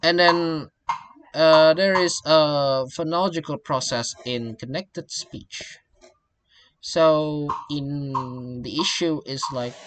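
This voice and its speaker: A man's voice: a little high, background noise. Young man giving a class talk. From Indonesia. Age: young adult. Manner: halting, repeats and restarts phrases, links points with "and then". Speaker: student presenter. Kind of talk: class presentation.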